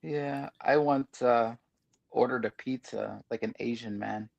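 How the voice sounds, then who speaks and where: A man's voice: medium pitch, measured pace, vocal fry, no echo, dull audio. A man co-hosting a casual livestream chat, laughing easily and reacting with short remarks. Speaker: livestream co-host.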